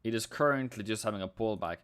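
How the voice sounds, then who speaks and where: A man's voice: on the low side, quick pace, fairly bright tone, clean tone. Male streamer, non-native English with Norwegian roots, easygoing live-chat delivery, clean resonant voice. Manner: chatty, reads chat aloud, sings snatches. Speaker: forex trading streamer. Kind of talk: casual live-stream commentary.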